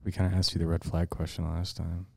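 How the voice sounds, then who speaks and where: A man's voice: low-pitched, completely flat delivery, fast talker, creaky, slightly rough, no echo, studio quality. A young man co-hosting a casual podcast, rambling and full of fillers. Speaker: podcast co-host. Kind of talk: casual chat.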